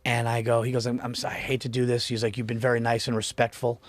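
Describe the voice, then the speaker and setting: A man's voice: mid-range voice, monotone, fast, dry recording. A man from the New York suburbs hosting a podcast, telling a long story in a rambling way and acting out quotes. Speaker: podcast host. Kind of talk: casual chat, storytelling.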